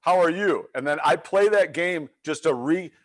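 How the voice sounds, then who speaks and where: A man's voice: fairly high pitch, moderate pace. A middle-aged man, a leadership coach, telling a story with energy in a webinar and acting out the voices in it. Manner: animated storyteller, acts out quotes.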